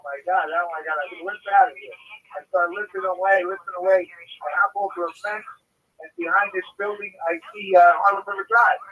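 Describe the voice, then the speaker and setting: Male guest, bright and sharp tone, rambling storyteller, distant mic. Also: high-pitched, slightly rough. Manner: rambling, full of restarts and swearing. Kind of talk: casual storytelling.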